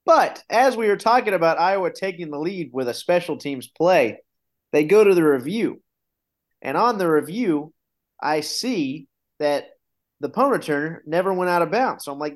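Animated man hosting a sports chat. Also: on the high side, normal speed. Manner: animated storyteller, rises when excited. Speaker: podcast host.

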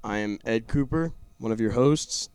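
A man's voice: mid-range voice, moderate pace, a little mellow, smooth, no echo. A man hosting a casual group podcast chat, teasing and pushing the others. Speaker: podcast host. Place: conference room.

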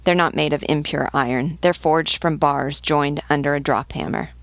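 A woman voicing a brisk, loyal male naval officer giving a report. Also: sits low, steady tone, fairly bright tone, no room sound.

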